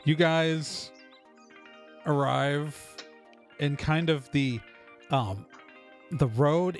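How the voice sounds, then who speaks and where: A man running a tabletop game as game master, narrating in a rambling way full of fillers and restarts. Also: medium pitch. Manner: rambling, self-interrupting narration with many fillers.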